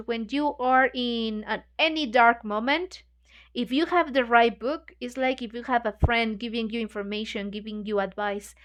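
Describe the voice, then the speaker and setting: A woman's voice: fairly high pitch, fairly bright tone. A woman hosting a book club. She reads a novel chapter aloud and retells it in chatty English, full of "you know, like" fillers. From Mexico.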